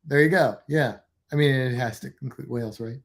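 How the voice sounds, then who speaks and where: A man's voice: mid-range voice, fairly quick, vocal fry. A man co-hosting a casual livestream, talking in rambling, self-interrupting bursts and joking around. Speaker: livestream co-host. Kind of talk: casual chat.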